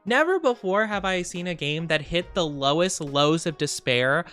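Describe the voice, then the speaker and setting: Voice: medium pitch, expressive, normal speed, fairly bright tone, smooth, faint music behind. A live streamer in casual chat with viewers, rambling and thinking aloud with lots of fillers.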